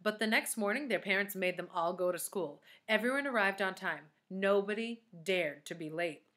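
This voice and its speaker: A woman reading a children's chapter book aloud in a bright, clear voice. She is expressive and turns now and then to talk straight to her young listeners. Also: medium pitch, moderate pace. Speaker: storybook reader.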